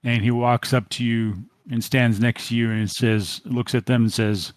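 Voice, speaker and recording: A man's voice: medium pitch, level tone, normal speed, dry recording. A man narrating as game master, rambling with many fillers.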